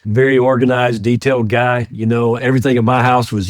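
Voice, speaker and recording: A middle-aged man from Georgia, a guest on a podcast, telling stories in a warm, enthusiastic way and laughing easily. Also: mid-range voice, steady tone, a little fast, no room sound, clean studio sound. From US, grew up in Georgia. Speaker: podcast guest, ministry founder. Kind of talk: casual interview storytelling.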